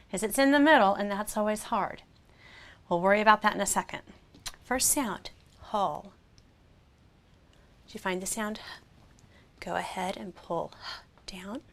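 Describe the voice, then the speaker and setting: A woman teaching a phonics lesson, sounding out vowels slowly and clearly and praising the listener. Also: medium pitch, fairly bright tone. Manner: slow, clear, encouraging, sounds out each vowel.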